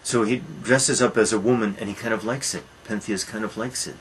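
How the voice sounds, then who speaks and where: Lower-pitched man lecturing dramatically. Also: steady tone, fairly quick, a little hiss or hum, rough recording. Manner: dramatic storyteller, repeats words for emphasis. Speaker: literature lecturer. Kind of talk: lecture retelling a Greek tragedy.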